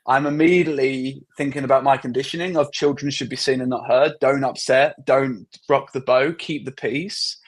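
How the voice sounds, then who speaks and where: Sex: man. Role: interview host. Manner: measured, thinks aloud, restarts sentences. Pitch: mid. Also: fairly even intonation. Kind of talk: conversational interview.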